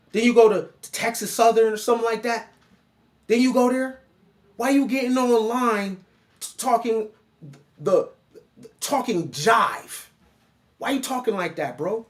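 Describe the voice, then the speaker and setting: A man giving an animated commentary monologue, mocking and lecturing the person he addresses. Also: sits high. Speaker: online commentator.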